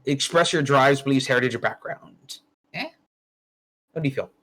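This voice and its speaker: A man's voice: medium pitch, moderate pace, fairly bright tone, rough recording. A man running a tabletop game as game master, talking casually and bluntly and swearing freely.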